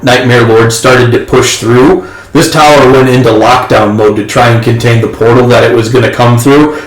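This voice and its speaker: Man narrating a tabletop game, echoey. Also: mid-range voice. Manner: halting, many restarts. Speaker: game master. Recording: echoey room, faint noise.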